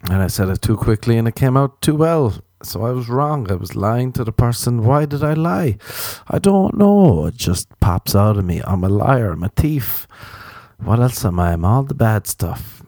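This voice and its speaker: A man hosting a solo late-night podcast, rambling and joking at his own expense with sudden jumps in pitch. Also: expressive, moderate pace, mellow, dry recording, clean studio sound. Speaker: podcast host.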